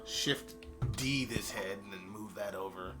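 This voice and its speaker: A man, a game artist, casually explaining his work step by step in a relaxed way. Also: on the low side, unhurried, loud music behind the voice. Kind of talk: casual stream chat.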